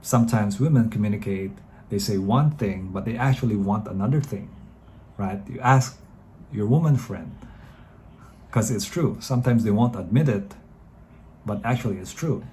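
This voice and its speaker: A man's voice: lowish voice, moderate pace, pauses often, dark tone, slight background noise. A man in his thirties with a Filipino English accent, chatting rambly dating advice straight to viewers. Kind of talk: casual advice talk to camera.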